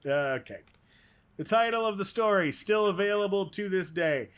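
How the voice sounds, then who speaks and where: Rambling, animated man telling stories. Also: high voice, moderate pace, clean tone. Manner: rambling, animated, acts out quotes in raised voices. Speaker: guest comedian. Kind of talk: casual storytelling chat.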